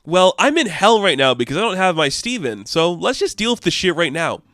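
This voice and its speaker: A man's voice: on the high side, very animated, fast talker, a bit bright, no room sound. Man putting on a fierce scornful warrior woman. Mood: threatening. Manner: scornful, mocking.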